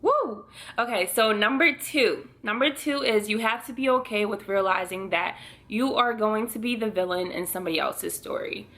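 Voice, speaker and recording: In her twenties, this vlogger talks straight to her viewers in a casual faith video, sincere in tone and laughing frequently. She has a mid-range, slightly bright voice at a moderate pace.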